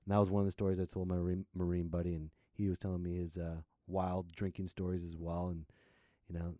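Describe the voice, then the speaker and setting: A man's voice: low voice, level tone, quick pace, mellow, no echo, clean studio sound. A man in his thirties hosting a podcast, telling a rambling, profane story and laughing often. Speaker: podcast host. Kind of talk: casual storytelling monologue.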